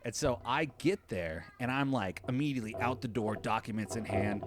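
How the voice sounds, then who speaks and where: A man co-hosting a podcast who tells a story in casual chat, swears freely and jumps into a high voice when he quotes people. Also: normal speed. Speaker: podcast co-host.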